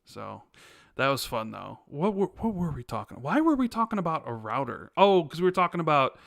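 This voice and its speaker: A man's voice: fairly high pitch, very animated, brisk, creaky, a bit bright, no echo. American male podcast co-host, chatty and laughing, dry close sound. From United States. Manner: incredulous, laughs a lot, reads chat aloud. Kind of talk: casual podcast chat.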